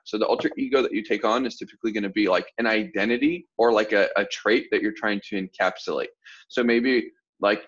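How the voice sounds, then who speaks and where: A lower-pitched man from the southern United States talks casually through a group coaching call, explaining ideas with everyday examples. The audio is dull and lo-fi, like a video call. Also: fairly bright tone. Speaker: sales coach.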